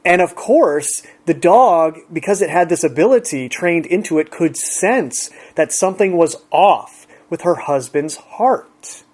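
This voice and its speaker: A man's voice: a little high, lively intonation, unhurried, hardly any pauses, darkish tone. A man relaxedly retelling an everyday encounter in a chatty, conversational way. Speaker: storyteller. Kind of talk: casual anecdote.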